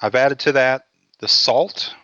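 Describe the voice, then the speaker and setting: A man's voice: mid-range voice, takes it slowly, background noise. A man hosting a cooking show, joking in a folksy way and talking through each step. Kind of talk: casual cooking show chat. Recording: dull lo-fi dry sound.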